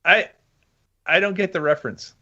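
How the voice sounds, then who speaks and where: Bright, easygoing man co-host. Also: sits high, normal speed, muffled recording. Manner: laughing, easygoing banter. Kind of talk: casual live-stream chat.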